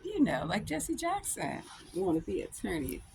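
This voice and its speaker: A woman's voice: mid-range voice, wildly swooping pitch, normal speed, gravelly, darkish tone. A woman in a casual rant to camera, blunt and profane, laughing often, talking as a law student and comedian. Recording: noisy with vehicle sounds behind.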